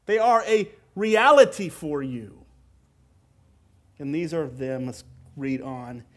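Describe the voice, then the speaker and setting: The pastor speaks slowly, a man with a fairly high voice giving a sermon. He keeps a laid-back, conversational tone with the congregation but hammers key words and repeats phrases to emphasize them.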